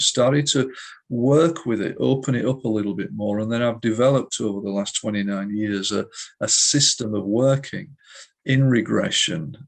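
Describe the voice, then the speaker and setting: A middle-aged man, a hypnotist guest in an interview, telling vivid stories in a measured way. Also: on the low side, gravelly, slightly rough. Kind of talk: storytelling interview.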